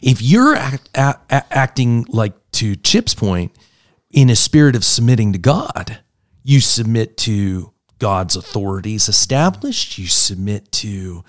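A man, a pastor, telling stories earnestly in a church conversation and building to loud emphasis. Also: lowish voice, very animated, measured pace, no echo.

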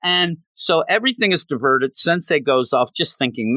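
Chatty male recapper, lively and bright, dry room. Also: fairly high pitch, normal speed, hardly any pauses, no echo. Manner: animated, chatty, gushing. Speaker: manga reviewer. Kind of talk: casual story recap.

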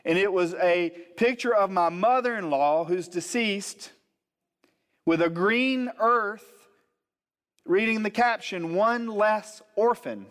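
A man, preaching as a pastor and telling a funny personal story, animated, acting out the quotes. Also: high-pitched, slow pace, smooth. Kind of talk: storytelling sermon. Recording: long hall reverb.

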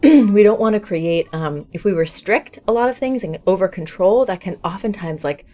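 A woman's voice: mid-range voice, animated, normal speed, warm tone. A woman co-hosting a parenting talk, explaining ideas at length and often checking in with "right?". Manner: explanatory, frequent "right?" tags. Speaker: parenting podcast co-host. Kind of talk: casual chat.

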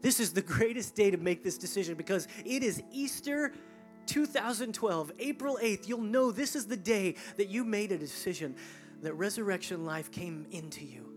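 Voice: medium pitch, expressive, moderate pace, soft background music. A pastor giving an altar call in a large church during a service, shifting between intense near-whispers and rising, fervent appeals. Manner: intense, drops to near whisper, then rises.

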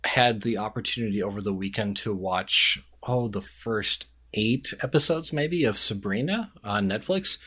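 A rambling male podcast co-host with a lowish voice, who laughs easily as he chats. His talk is loose and full of restarts. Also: normal speed, few pauses, pushed and bright, husky. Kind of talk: casual podcast chat.

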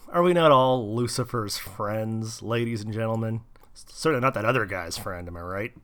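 A man's voice: on the low side, unhurried, a bit bright. A man hosting a radio show, chatting casually and jokingly with a nasal voice as he gets over a cold. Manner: jokey, rambling, enthusiastic. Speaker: radio host.

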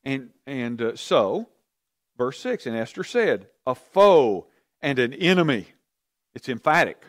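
Male Bible teacher, animated storyteller, lively pitch, quizzes his group. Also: unhurried, dry recording, clean studio sound. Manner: animated storytelling, asks the class questions.

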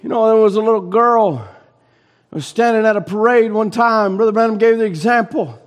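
A man preaching a sermon, shouting in rising bursts and then dropping low and soft. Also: brisk.

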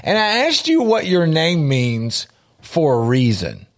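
Animated earnest male Bible teacher. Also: a little high, unhurried. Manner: earnest, repeats points for emphasis.

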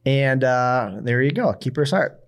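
Here a male podcast host with a mid-range voice speaks a little slowly. He spins stories in relaxed chat, performing quotes and imitating the voices of the characters with lively storytelling energy.

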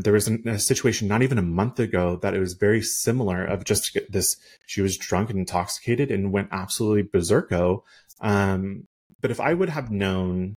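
A man with a very low, husky voice tells a story in casual podcast style. He rambles, filling his talk with "like" and "um". He sounds heated and indignant. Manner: rambling, many "like" and "um" fillers. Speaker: realtor.

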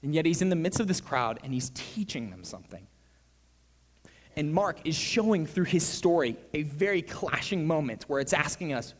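A young man preaching a sermon, telling a story with bursts of excitement and hushed, quiet stretches. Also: a little high, moderate pace. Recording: long reverb of a large hall.

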